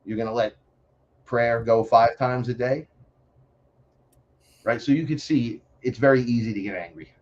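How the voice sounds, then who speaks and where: A man from the Bronx with a New York accent, a podcast guest talking in a blunt, profane, animated way. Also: medium pitch, normal speed, pauses often, dull audio. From New York City, the Bronx. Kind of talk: casual podcast chat.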